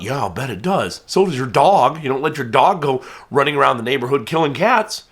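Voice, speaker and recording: Man, falconer, casual talk to camera, earnest, conversational, mid-pitched voice. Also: very animated, a little fast, hardly any pauses, a bit bright.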